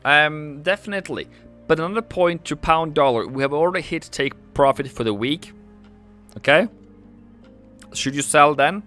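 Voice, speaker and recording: A man's voice: fairly high pitch, expressive, moderate pace, long pauses, bright, forceful tone, faint music behind. A man hosting a live trading stream, chatting casually as he goes over charts, asks and answers his own questions, and teases viewers in the chat. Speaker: livestream trading host. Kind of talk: casual livestream market commentary.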